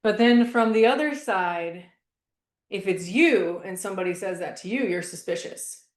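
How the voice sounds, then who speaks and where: A woman's voice: mid-range voice, animated, moderate pace, roomy sound. A woman leading a class in a casual coaching style, speaking emphatically, repeating herself for effect and swearing casually. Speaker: class facilitator.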